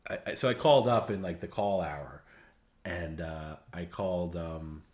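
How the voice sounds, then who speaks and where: A man with a very low, deep voice hosts a livestream and tells stories in a loose, casual way. He rambles, stops and starts, and repeats his words as he goes. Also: moderate pace, darkish tone. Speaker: livestream host. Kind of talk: casual storytelling.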